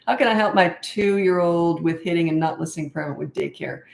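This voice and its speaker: A woman's voice: lowish voice, fairly quick, creaky, echoey room. A middle-aged woman parenting coach answering viewer questions on a live stream, blunt and emphatic, often repeating words for stress.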